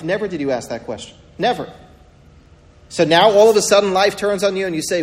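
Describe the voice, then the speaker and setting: Animated man teaching a Torah lecture. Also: high-pitched, fairly quick, in a large hall. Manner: animated, rhetorical questions, dramatic retelling. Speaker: rabbi teaching a Torah class.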